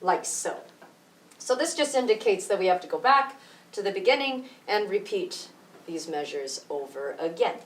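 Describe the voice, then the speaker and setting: A woman music teacher explaining rhythm slowly and patiently, counting beats out loud. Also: mid-range voice, expressive, far from the mic. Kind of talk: rhythm tutorial with counting aloud. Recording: echoey room, voice from off mic.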